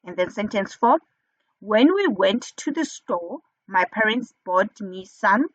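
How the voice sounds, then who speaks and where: A woman teaching a grammar lesson, slow and deliberate, who asks questions and then answers them herself. Her voice sits at a middle pitch. The recording is dry and a little dull and lo-fi. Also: animated, a bit bright, no echo. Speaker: English teacher.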